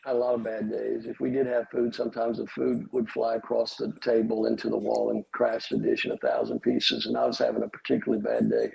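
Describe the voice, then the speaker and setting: A man's voice: mid-range voice, a little fast, vocal fry, hardly any pauses, a little mellow, slightly rough, poor audio. A middle-aged pastor, telling his life story as a podcast guest with humorous, wry asides.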